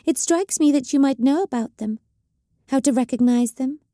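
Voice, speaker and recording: A woman's voice: high voice, moderate pace, no echo, studio quality, voice pushed up, natural voice. Woman doing a bitter snarling young witch. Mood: bitter, menacing. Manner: hissing, snarling, shouting in anger. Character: bitter volatile young female psyker cultist.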